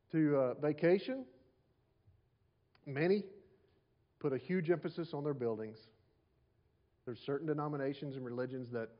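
A pastor preaches in a conversational way, with rhetorical questions and repeated lines. His voice sits slightly high for a man. The recording sounds a little dull and lo-fi. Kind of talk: sermon.

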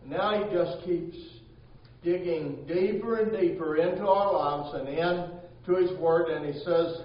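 Emphatic pastor in an echoey church. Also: male voice, sits high, unhurried. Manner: emphatic, repeats phrases, many "uh" fillers. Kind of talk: sermon. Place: church sanctuary. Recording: echoey church from far off, dull.

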